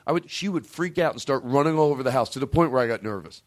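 A man hosts a loose, chatty show, his pitch swinging up and down as he rambles. He keeps stopping mid-thought and swears without a care. His voice is close and dry, with almost no room sound. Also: animated, fast talker, dry recording. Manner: rambling, self-interrupting, swears freely. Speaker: podcast host. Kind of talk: casual chat.

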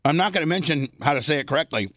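A man's voice: on the high side, animated, racing, a bit bright, no echo, clean studio sound. A man hosting a radio show, teasing his co-host and keeping the talk on track. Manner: teasing, keeps steering the talk. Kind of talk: teasing on-air banter.

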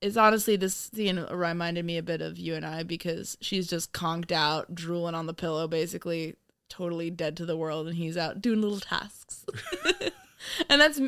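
A woman's voice: fairly low pitch, expressive, moderate pace, a bit bright, smooth, no echo. A woman co-hosting a podcast in casual chat, giggling often and rambling with fillers. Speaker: podcast co-host.

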